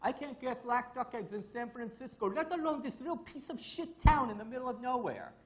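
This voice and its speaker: A man's voice: very high voice, very animated, a little fast, pitched above the performer's own voice. A man voicing a blunt Russian former spy who talks in clipped, broken English with a Russian accent. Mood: indignant.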